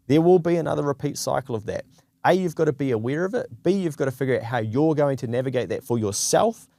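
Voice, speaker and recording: A man's voice: medium pitch, a little mellow, dry recording. A man with a New Zealand accent giving business advice straight to camera, talking in a conversational way and acting out quoted voices. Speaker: business advisor.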